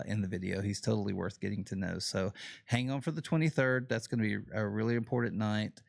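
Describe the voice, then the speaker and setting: Gravelly easygoing Southern man host. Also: on the low side, dry recording, clean studio sound. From Southern United States. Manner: easygoing, folksy, rambling. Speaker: show host. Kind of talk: casual livestream interview chat.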